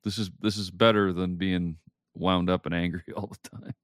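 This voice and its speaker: A man's voice: low voice, steady tone, normal speed, no room sound, clean studio sound. A man co-hosting a podcast in casual chat, hesitant and trailing off, laughing often. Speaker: podcast co-host.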